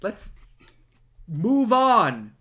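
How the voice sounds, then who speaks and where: A man co-hosting a casual film review podcast, retelling the plot in an animated way and swearing freely. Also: sits high, extremely slow, muffled recording. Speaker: podcast co-host.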